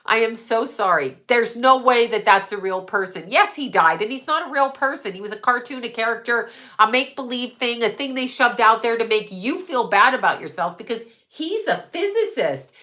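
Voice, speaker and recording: With a fairly high, pushed, bright voice and lively intonation, she keeps a moderate pace. She's hosting a relaxed livestream at her desk mic, meandering through conspiratorial asides, swearing freely, and fielding chat comments.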